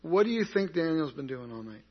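A man's voice: on the high side, very animated, brisk. A man teaching an interactive Bible class in a conversational way, asking the group questions and answering them himself. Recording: dull lo-fi recording.

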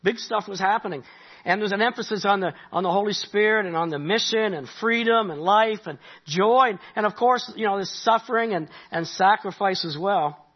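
A man's voice: high voice, moderate pace, husky, lo-fi sound. A middle-aged man from Canada preaching a sermon, talking conversationally with asides and rising animation. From Nova Scotia, Canada. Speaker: pastor.

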